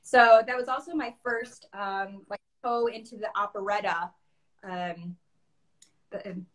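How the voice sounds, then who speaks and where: A woman from Chicago, a guest opera singer, telling her story in a casual interview. She talks in an animated way, acting out her past self in quotes and laughing often. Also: mid-range voice, measured pace. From Chicago, USA.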